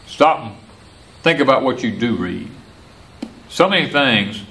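Animated older Southern man preaching. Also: medium pitch, a little slow. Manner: folksy, repetitive, animated. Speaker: homesteader and former preacher. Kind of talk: porch-side preaching talk. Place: outdoor porch.

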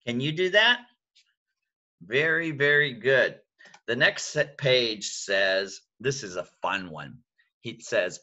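A man's voice: mid-range voice, very animated, takes it slowly, sharp tone, lo-fi sound. An older man, a grandfather, reading a picture book aloud to young children, coaxing them to join in and making the animal sounds himself. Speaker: grandfather reading a bedtime story.

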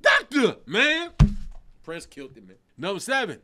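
A middle-aged man, a comedian, counting down songs in a casual, animated way, swearing, laughing and breaking into snatches of song. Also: very high voice, normal speed. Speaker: comedian host.

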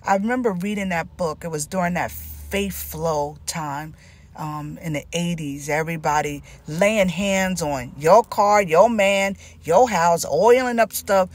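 A woman's voice: fairly low pitch, measured pace. A middle-aged woman with a Southern US accent, giving an informal sermon with emphatic repetition. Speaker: Christian teacher.

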